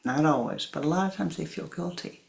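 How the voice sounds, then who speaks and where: A woman spiritual teacher giving a sermon, telling a story in a deliberate way and acting out its voices. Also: sits low, gravelly, a little mellow.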